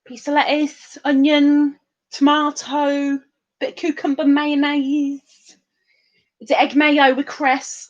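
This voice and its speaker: A woman's voice: high voice, steady tone, unhurried, dull audio. A woman, hosting a livestream and chatting casually as she reads out and greets viewers' comments in a sing-song, giggly way. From England. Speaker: livestream host.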